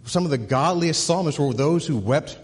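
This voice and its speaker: Preaching in a church sanctuary, this man has a husky, somewhat breathy voice carried by a long echo across the room. At a normal pace and in an animated way, he builds through repetition and then softens, dropping low on the crucial lines.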